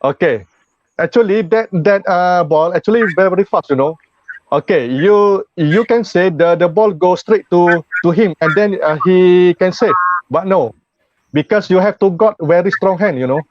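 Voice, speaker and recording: Male panelist, broken halting speech, muffled call audio, dry. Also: high-pitched, no room sound. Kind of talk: casual panel discussion.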